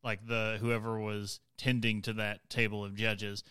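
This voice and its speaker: A man's voice: lowish voice, little pitch movement, measured pace, pushed and bright, clean tone, no room sound. A man co-hosting a podcast, telling a story with emphatic repetition. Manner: emphatic, repeats points for effect. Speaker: podcast co-host. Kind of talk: casual storytelling.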